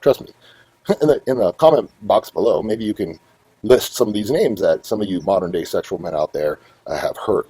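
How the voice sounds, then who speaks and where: A middle-aged man hosting his own show, telling a long story in a rambling, profane, animated way. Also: on the low side, normal speed, husky, low-quality recording. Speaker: host. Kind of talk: casual storytelling monologue.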